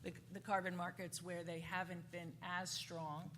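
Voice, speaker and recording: A woman speaking on a conference panel, halting and often restarting her sentences. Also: lowish voice, little pitch movement, a bit bright. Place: conference hall. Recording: conference hall reverb, faint noise.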